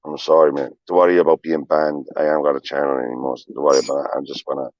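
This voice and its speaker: Rapid-fire and flat, a bass-voiced man with a darkish, gravelly, husky tone rambles confessionally on a livestream. He's emphatic, swears frequently, and repeats himself; the dull lo-fi stream audio has no echo.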